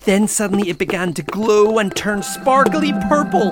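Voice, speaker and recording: A woman narrating a children's story in a playful, expressive way. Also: medium pitch, moderate pace, few pauses. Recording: narration over clear music.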